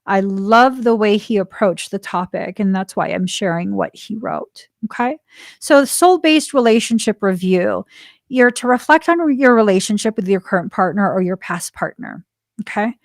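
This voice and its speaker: A woman's voice: mid-range voice, lively intonation, normal speed, no echo, clean studio sound. A woman hosting a spiritual podcast, talking casually, laughing often and acting out the voices of people she quotes. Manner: chatty, laughs often, acts out quoted dialogue. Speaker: podcast host.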